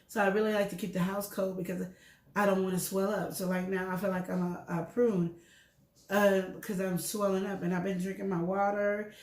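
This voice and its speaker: A woman's voice: mid-range voice, normal speed, reverberant. A middle-aged woman co-hosting a show, chatting candidly about her health and telling stories with acted-out dialogue. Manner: candid, animated storyteller acting out dialogue. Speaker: show co-host. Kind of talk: casual health chat.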